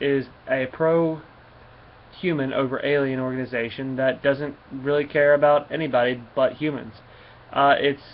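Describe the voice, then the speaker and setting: A man's voice: medium pitch, slight background noise. A man casually reviewing a comic book, rambling and restarting as he reads out the panels. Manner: rambling, halting, with many restarts and fillers. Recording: dull lo-fi recording with faint ambience.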